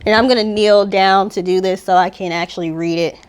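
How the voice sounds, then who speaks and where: Her voice is middle-pitched, clear and resonant as she walks viewers through each step of a spiritual healing ritual. The woman talks in a relaxed, everyday way, gently instructive and unhurried, reading affirmations slowly and deliberately.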